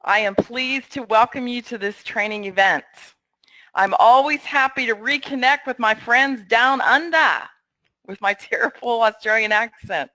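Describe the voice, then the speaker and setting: A middle-aged woman presenting a training webinar in a friendly, upbeat and clear way. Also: fairly high pitch, unhurried, sharp tone, dry recording, rough recording.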